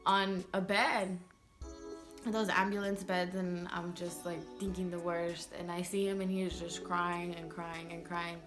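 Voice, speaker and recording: A woman's voice: fairly low pitch, little pitch movement, a little slow, over music. A young woman vlogger telling a personal story in a rambling way, full of "like" fillers. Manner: rambling, heavy use of "like" fillers.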